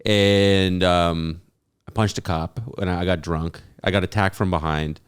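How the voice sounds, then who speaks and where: A man's voice: deep voice, steady tone, a little slow, smooth. A man guesting on a podcast in casual comedic chat, telling rambling stories and joking along. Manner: rambling storyteller, joking banter.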